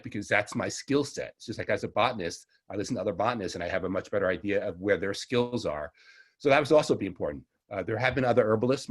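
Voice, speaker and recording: Husky low-voiced Long Island man. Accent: Long Island New York. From Long Island, New York. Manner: rambling, chatty, self-correcting with small laughs. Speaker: herbalist teacher. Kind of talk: casual online class lecture.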